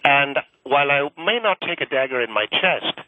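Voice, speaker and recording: A man playing a defensive priest who talks haltingly and earnestly. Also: mid-range voice, animated, dry recording, close to an everyday voice. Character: defensive middle-aged male priest. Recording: dull lo-fi audio with faint noise.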